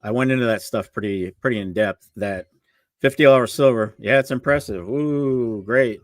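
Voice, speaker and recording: A man's voice: mid-range voice, no echo. A man co-hosting a casual livestream chat, reading out market prices and talking loosely with his partner. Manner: chatty, reads market prices off quickly. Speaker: co-host of a livestream show.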